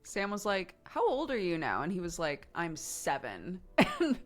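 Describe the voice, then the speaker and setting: A woman streamer talks casually to her viewers. Her voice sits slightly low for a woman, but her pitch swings widely as she laughs and acts out what her relatives said. She is close to a streaming mic. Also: unhurried, faint music behind. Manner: animated storyteller, laughing often, acts out relatives' lines. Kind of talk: casual chat to a live stream audience.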